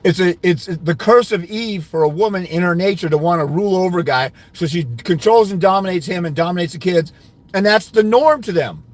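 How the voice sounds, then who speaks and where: A man's voice: high voice, a little fast. A man giving fathers' rights custody advice, ranting indignantly during a livestream while answering comments.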